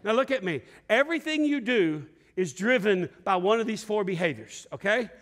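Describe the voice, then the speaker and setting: In a church sanctuary, a middle-aged lead pastor preaches to his congregation, telling stories, acting out voices, shouting, and asking the room to respond. His voice sits high and moves at a normal speed.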